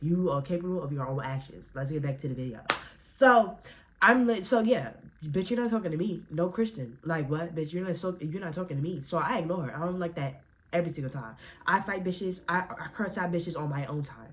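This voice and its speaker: A young woman telling a storytime vlog in a brash, profane, animated way, talking straight to her viewers. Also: low-pitched, a little fast. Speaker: vlogger. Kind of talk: casual storytime rant.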